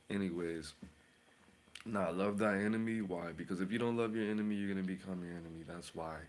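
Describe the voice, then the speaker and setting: A man hosting his own channel as a tarot reader, rambling and boasting in a casual rant, mocking with sudden whispers and outbursts. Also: fairly low pitch.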